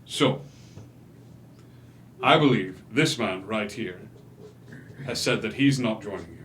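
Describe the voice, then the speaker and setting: A man voicing a broad-shouldered hunter guild leader who speaks in slow, grandiose lines in a tabletop game. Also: on the low side, fairly bright tone, slight background noise, pitched below the performer's own voice. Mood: solemn. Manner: measured, grandiose speech.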